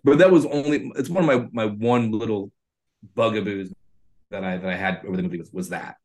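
A man with a fairly low voice co-hosts a casual podcast. He lays out his opinions slowly and at length. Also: darkish tone. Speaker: podcast co-host. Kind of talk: casual movie chat.

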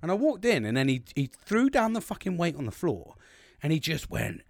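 A British man spins a rambling, profanity-laced story, his pitch leaping all over the place. He keeps breaking into laughter at his own tale. The voice sounds close and dry, with no room sound. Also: sing-song, a little fast, gravelly, no room sound. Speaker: host recounting his dreams. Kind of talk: casual storytelling monologue.

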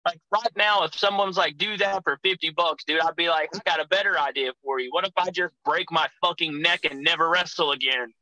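Young male wrestler guest, bright, slightly high-set voice, foul-mouthed rambling storyteller, dry close mic. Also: steady tone, a little fast, hardly any pauses, no room sound, rough recording. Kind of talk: casual podcast chat.

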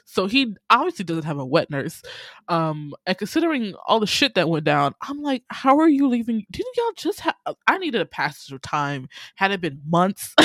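A woman in casual chat, recapping a movie with lively, profane asides and outraged reactions. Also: dry recording, clean studio sound. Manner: animated, swears freely, acts out her own outraged reactions in a high voice. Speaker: podcast co-host.

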